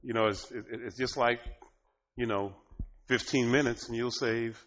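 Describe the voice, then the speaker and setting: A man preaching a sermon, often laughing and rising to loud, emphatic bursts, in a dull lo-fi recording. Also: medium pitch, steady tone, a little slow.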